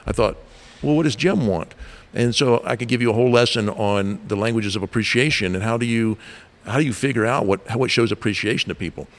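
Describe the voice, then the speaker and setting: A middle-aged man with a somewhat low voice, talking as a leadership coach in an interview. He tells stories in an animated way, raising his pitch when he acts out the questions people ask. His delivery is conversational, with frequent restarts. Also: fast talker.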